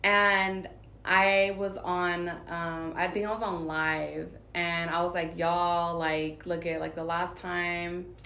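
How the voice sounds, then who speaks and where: In a lowish, sharp-toned voice with little pitch movement, a Southern California woman slowly tells a personal story. The vlogger's talk is casual and rambling, heavy with filler words, and the recording has a roomy echo.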